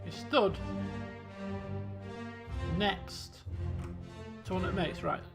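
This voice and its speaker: A man's voice: high-pitched, drawn-out words, music in the background. A man giving casual live-stream commentary while playing a game, chatting and thinking aloud as he works through puzzles.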